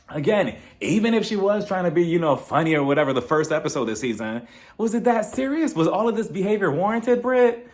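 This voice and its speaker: A man casually recapping a reality TV episode, gossipy and animated, acting out what the cast said. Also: sits high, brisk. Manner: animated, gossipy, acts out quotes in voices.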